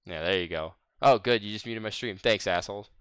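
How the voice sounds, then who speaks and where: A young man with a Southern American drawl chats on a game stream, and his voice sits low and comes through smooth and clean. He rambles and swears freely, laughing between thoughts. The sound is dry and close, with no room around it. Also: a little fast, a bit bright, no room sound. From Southern United States. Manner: profane, rambling, laughs often. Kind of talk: casual gaming voice chat.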